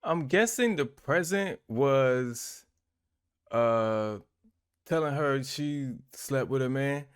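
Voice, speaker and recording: Animated man reacting with laughs. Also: mid-range voice, slow, clean tone. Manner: animated, laughing, repeats himself for emphasis. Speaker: reaction channel host. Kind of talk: casual commentary on clips.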